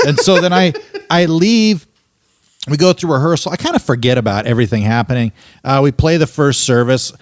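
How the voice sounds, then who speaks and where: A young man with a slightly high voice tells a rambling personal story on a podcast. He talks casually and jumps into lively raised voices when he quotes people. The sound is dry and close. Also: no echo. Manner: animated, acts out quotes in a raised voice. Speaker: podcast co-host.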